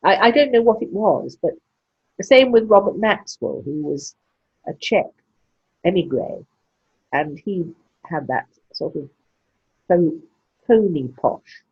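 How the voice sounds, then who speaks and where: A woman's voice: fairly low pitch, animated, slow pace, long pauses, breathy edge. An older woman with a posh English accent and very precise diction, speaking frankly in an interview. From England. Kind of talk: conversational interview. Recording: muffled lo-fi sound.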